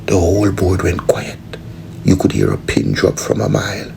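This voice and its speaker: A man's voice: sits low, sing-song, moderate pace, gravelly, dark tone, a little hiss or hum, poor audio. A man telling a rambling comic story, full of "you know".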